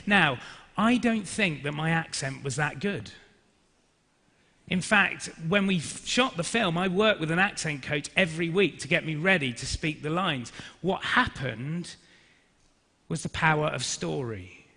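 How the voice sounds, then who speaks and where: A young man tells a personal story to a forum audience in a bright, forceful voice. He is lively and anecdotal, acting out what people said. His voice rings with the long reverb of a large hall. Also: on the high side, a little slow, creaky, pauses often, slightly rough. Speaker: speaker at a business forum.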